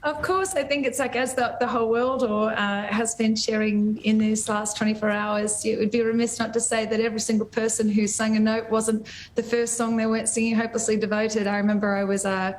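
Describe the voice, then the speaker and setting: Heartfelt Australian woman, slightly high. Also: little pitch movement, a little hiss or hum, rough recording. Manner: halting, heartfelt, often restarts sentences. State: emotionally raw. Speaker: guest singer. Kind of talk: emotional TV interview.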